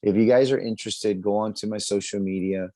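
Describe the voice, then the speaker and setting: A man, a musician guest chatting casually in an interview, upbeat and quick to laugh. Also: fairly low pitch, steady tone, mellow, no room sound. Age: 40s.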